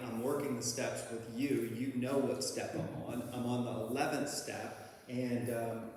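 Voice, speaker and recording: A man's voice: medium pitch, darkish tone, a little hiss or hum. A man telling a personal recovery story in casual, rambling talk, with lots of fillers and restarts, and laughing at his own story. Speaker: speaker sharing a recovery story. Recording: very echoey hall with long reverb.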